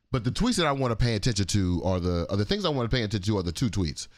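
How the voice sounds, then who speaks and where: A man's voice: fairly low pitch, sing-song, fast, dry recording. A man hosting casual commentary on viral clips, talking in a laid-back, frank, slangy way. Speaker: commentator host.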